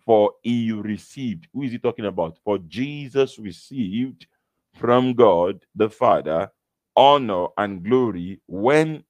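A man preaching a sermon, teaching scripture slowly and emphatically with repetition. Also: on the low side, darkish tone, no echo.

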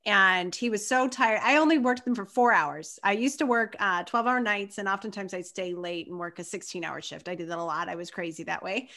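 A woman's voice: medium pitch, fairly quick, few pauses. A woman hosting an interview, a former nurse who responds in an affirming, enthusiastic way. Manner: warm-hearted, affirming, enthusiastic. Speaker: podcast host, former nurse. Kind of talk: supportive interview conversation.

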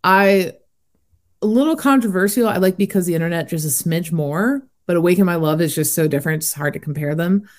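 A woman's voice: lowish voice, a little fast, a little mellow. A woman hosting a podcast, chatting casually and laughing often. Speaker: podcast host.

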